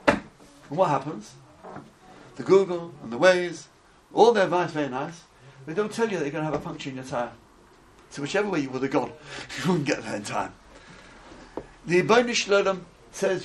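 A man's voice: high-pitched, lively intonation, fairly quick, slight background noise, poor audio. A man giving a conversational sermon-style lecture, acting out little voices and asides. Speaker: religious teacher.

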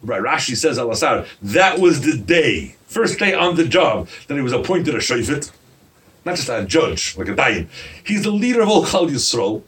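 A man preaching a sermon as a rabbi, animated and firing rhetorical questions at his listeners. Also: mid-range voice, normal speed, distant mic.

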